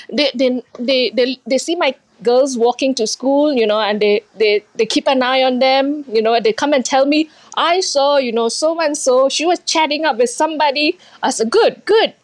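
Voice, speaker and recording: With a high-pitched voice recorded without echo, a middle-aged Indian restaurant owner speaks emotionally in an interview. Her speech is filled with fillers and restarts.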